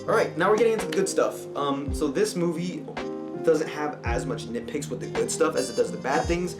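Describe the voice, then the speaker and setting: A man's voice: on the high side, brisk. A man giving a casual, rambling movie review with many fillers and restarts. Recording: music playing clearly behind.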